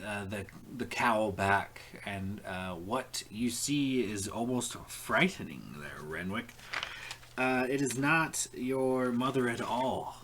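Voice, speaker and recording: A man narrating a tabletop role-playing game as game master online, halting, with many fillers and restarts. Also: on the low side, a bit bright, slight background noise. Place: home, online call.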